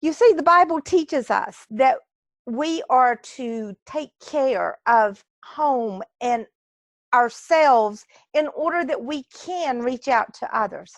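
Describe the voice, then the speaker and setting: A woman's voice: high-pitched, expressive, takes it slowly, dry recording. A woman giving an earnest, faith-minded speech from home over a video call. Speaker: club speaker.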